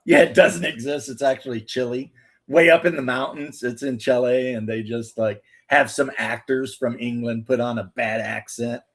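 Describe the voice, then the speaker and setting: Male host, casual rambling jokester, middle pitch. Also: steady tone, normal speed, a bit bright. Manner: rambling, joking. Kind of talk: casual chat while painting.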